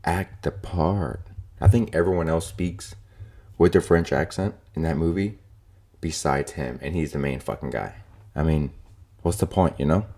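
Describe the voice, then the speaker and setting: A young man with an extremely low, dark voice rants casually on his own podcast. He is opinionated and profane, rambling through his points with plenty of filler words. The delivery is loose, like chatting to friends. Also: normal speed. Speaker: podcast host. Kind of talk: casual solo podcast rant.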